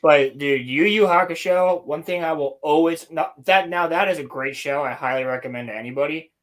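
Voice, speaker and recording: A young man co-hosting a casual podcast, talking about anime in an excited, rambling, slang-heavy way. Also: on the high side, brisk. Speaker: podcast co-host. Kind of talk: casual chat.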